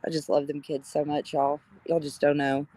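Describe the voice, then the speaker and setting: A middle-aged woman, chatting casually on a live stream, greeting viewers by name with gushing warmth and frequent laughter. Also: deep voice, level tone, moderate pace, no echo.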